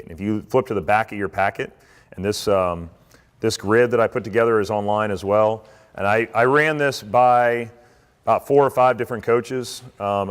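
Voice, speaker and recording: A man, a swim coach, giving a relaxed, conversational talk to athletes and parents, with many fillers. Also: fairly low pitch. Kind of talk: informal presentation. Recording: reverberant hall.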